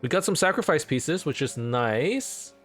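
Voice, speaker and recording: A man hosting a let's play, casually commenting on his game in an excitable, rambling way. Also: on the high side, a little slow, faint music behind.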